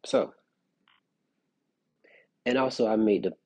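A man's voice: on the low side, slow pace, a little mellow, no echo. A man hosting a podcast, talking casually in a rambling commentary with lots of fillers and restarts. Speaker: podcast host.

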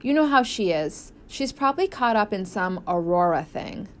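A gentle, perceptive schoolgirl in a storybook who reassures her friend in a soft, slightly raised voice, as a woman reads her. Her pitch sits a little above the reader's usual. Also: animated, moderate pace, natural voice. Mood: reassuring.

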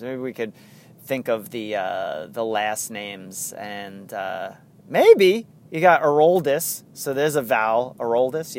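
A man hosting his own sports podcast solo, talking casually and eagerly, rambling with frequent chuckles. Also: mid-range voice. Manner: enthusiastic, rambling, chuckles often. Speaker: podcast host.

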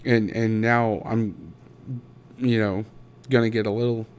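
Halting, emotional man in his thirties. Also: on the low side, flat delivery, a little hiss or hum. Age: 30s. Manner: halting, repeats and restarts words. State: emotional, voice breaking. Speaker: podcast host. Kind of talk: personal storytelling monologue.

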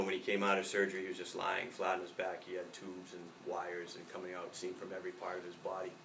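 A man's voice: deep voice, fairly bright tone, roomy sound, distant mic, slight background noise, poor audio. A middle-aged male pastor giving a reflective sermon, telling a personal story.

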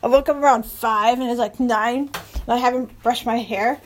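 A young woman talking casually in a vlog, rambling and self-mocking, fast from too much coffee. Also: fairly high pitch, fairly even intonation, slight background noise. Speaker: vlogger.

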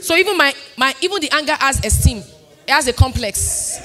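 A Nigerian woman pastor in her thirties preaching a sermon, emphatic and sing-song, swinging between loud declarations and quiet asides. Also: high voice, lively intonation, normal speed, faint music behind, a faint crowd. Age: 30s.

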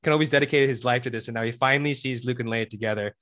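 A man co-hosting a casual pop-culture review podcast, excitable and profane, often acting out quotes. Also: medium pitch, racing. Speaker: podcast co-host.

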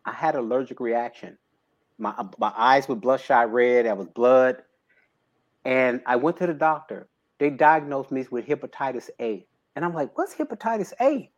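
A man in his late fifties talking casually as a podcast guest. He tells stories with feeling, and his voice climbs high with excitement when he quotes people. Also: normal speed, muffled recording. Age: 50s. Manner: animated storyteller, emotional about faith. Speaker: podcast guest, bodybuilder and trainer. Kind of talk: casual conversation.

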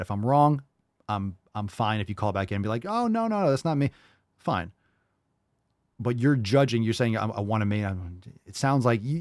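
A podcast host, a man with a fairly low voice, talks through a caller's problem in a blunt, rambling way. He sounds direct and coaching. The recording is dry and close. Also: darkish tone, no room sound. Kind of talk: casual advice talk.

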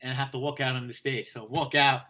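A man's voice: mid-range voice, quick pace. A man, a stage actor, telling a story in casual conversation, swearing freely and laughing often. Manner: profane, laughing, energetic storyteller.

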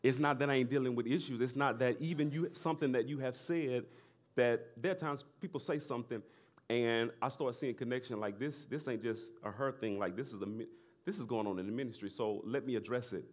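A middle-aged man preaching from the pulpit in an easy conversational way. He jokes and laughs between points, then rises to loud, driving emphasis. His voice sits in a medium pitch for a man. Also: brisk. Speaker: pastor. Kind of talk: sermon.

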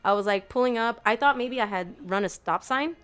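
A woman's voice: fairly high pitch, fairly quick, fairly bright tone, clean tone. A young woman telling a long story in casual chat, rambling with lots of fillers and acting out quotes. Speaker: storyteller guest.

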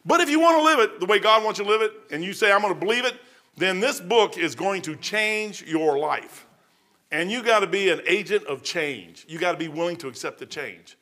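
This preacher, a man aged fifty or more, sounds high, pushed and bright, with lively intonation. His sermon is informal and wandering; he loses track of his notes and switches voices quickly to act out the characters in his stories.

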